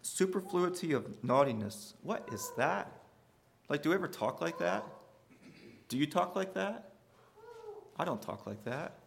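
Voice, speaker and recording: A male pastor delivers an earnest sermon, his voice sitting a little higher than most men's. He drives points home by repeating phrases, rising to forceful emphasis and then dropping almost to a murmur. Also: expressive, unhurried, creaky, pauses often, a little hiss or hum. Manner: earnest preaching with sudden rises and quiet drops.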